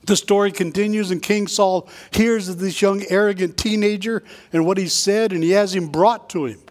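A man preaching a sermon in a conversational way, tossing in quick asides and jokes for the congregation. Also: sits high, steady tone. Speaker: pastor.

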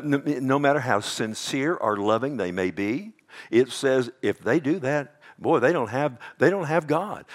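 A male pastor delivering a sermon, swinging between loud emphatic bursts and hushed intensity and calling out to the congregation. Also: medium pitch. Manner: calls out "Amen?" to the congregation.

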